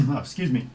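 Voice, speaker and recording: A man hosting a casual livestream chat over a video call, speaking in an easygoing, halting way with lots of filler words. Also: on the high side. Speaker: host of a filmmakers' livestream.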